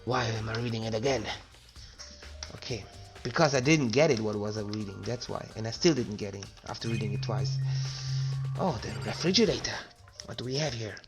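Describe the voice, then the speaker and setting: A man's voice: on the low side, brisk. Man, let's play commentary, jokey, reads game text aloud, faint music behind. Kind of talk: casual gameplay commentary.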